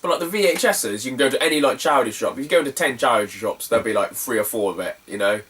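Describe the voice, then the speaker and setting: A man's voice: mid-range voice, lively intonation, very fast, fairly bright tone, recorded from a distance. A man telling a story casually to camera, chatty and sweary with lots of fillers. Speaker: retro game collector vlogger.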